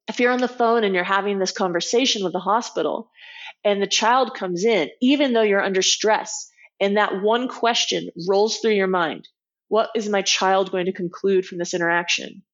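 Woman guest explaining stuff earnestly, mid pitch, kinda muffled call audio. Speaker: guest expert. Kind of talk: podcast interview.

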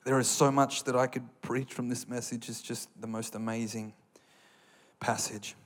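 An Australian man preaching a sermon with passion, building to loud, emphatic bursts. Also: medium pitch, level tone, normal speed.

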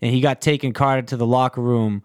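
A man hosting a casual sports podcast, talking in a relaxed, rambling way with lots of fillers. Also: mid-range voice, brisk, dry recording, studio quality. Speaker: podcast host.

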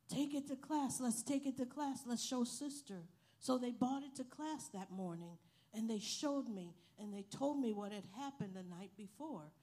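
A woman preaching a sermon, telling a story slowly and building to loud, emphatic praise. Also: mid-range voice. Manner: slow, emphatic preaching that swells to loud hallelujahs. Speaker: missionary preacher and Bible college teacher.

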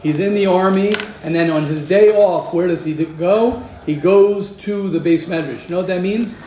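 Man, religious class teacher, slightly high voice, effusive, repeats himself, echoey room with faint noise. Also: moderate pace. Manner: repeats phrases, warmly praising and effusive. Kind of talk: informal religious class talk.

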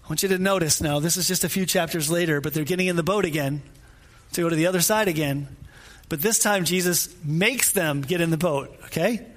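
High-voiced man preaching casually. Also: a little fast, fairly bright tone. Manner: informal, asks listeners questions directly; repeats phrases for emphasis. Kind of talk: conversational sermon.

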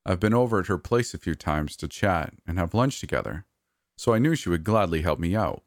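A man with a very deep voice reads a first-person story aloud in a steady, scripted way. The sound is dry and close to the mic. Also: fairly quick, no echo. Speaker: horror story narrator. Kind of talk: scripted narration.

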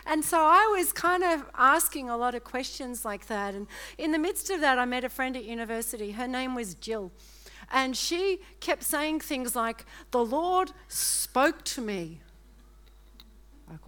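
A woman's voice: sits high, expressive, unhurried, pushed and bright. A middle-aged woman with an Australian accent, giving a chatty, self-mocking sermon testimony and laughing often. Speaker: preacher.

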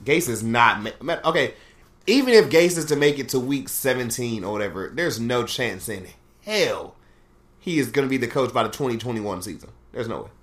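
A man's voice: medium pitch, lively intonation, moderate pace, a bit bright. A young man hosting a casual sports podcast with friends, profane and trash-talking. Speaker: podcast host.

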